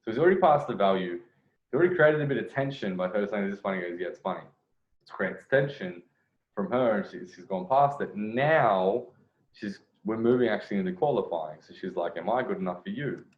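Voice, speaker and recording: A man's voice: fairly low pitch, lively intonation, a little fast, highs cut off. Blunt man coaching in an echoey room. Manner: blunt, profane, restarts phrases often. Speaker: dating coach commentating on a video. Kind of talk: casual video commentary.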